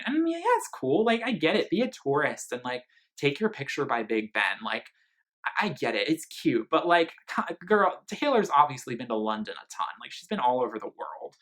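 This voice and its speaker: Male music vlogger from Philadelphia, sharp bright tone, chatty gossip delivery. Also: fairly high pitch, big pitch swings, normal speed. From Philadelphia, Pennsylvania. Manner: chatty and gossipy, full of "like" and "girl". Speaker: music reviewer. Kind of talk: casual album review vlog.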